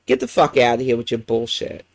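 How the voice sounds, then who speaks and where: A man's voice: mid-range voice, flat delivery, a little fast, no echo, poor audio. A man hosting a livestream commentary show, ranting bluntly with heavy profanity.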